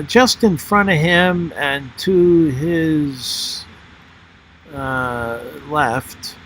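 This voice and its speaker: An older man talking through old photographs and his memories, pausing often, with many fillers and restarts. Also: fairly high pitch, pushed and bright, slight background noise, rough recording. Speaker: former member narrating a history video. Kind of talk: unscripted spoken commentary over photos.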